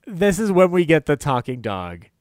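A man co-hosting a casual film podcast, animated and quick to laugh, acting out quotes in a higher voice. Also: no echo, clean studio sound. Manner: animated, laughs often, acts out quotes in a high voice. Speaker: podcast co-host discussing old films. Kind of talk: casual chat.

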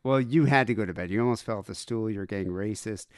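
A man's voice: on the low side, fast, a little mellow, no room sound, studio quality. A man co-hosting a podcast, telling stories casually and laughing at them. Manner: storytelling, laughs at his own tales. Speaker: podcast co-host. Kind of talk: casual chat.

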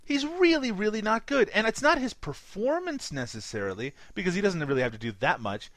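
A man's voice: high-pitched, big pitch swings, fairly quick, fairly bright tone, no room sound. A man with a light Newfoundland accent recapping a movie in casual podcast chat, laughing often and swearing casually. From Newfoundland, Canada. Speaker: podcast co-host.

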